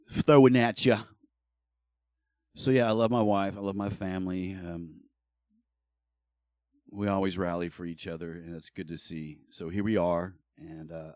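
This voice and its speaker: Low-voiced, foul-mouthed middle-aged man. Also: darkish tone, no room sound. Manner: blunt, heavily profane, heated ranting. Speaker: streamer. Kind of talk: casual livestream talk.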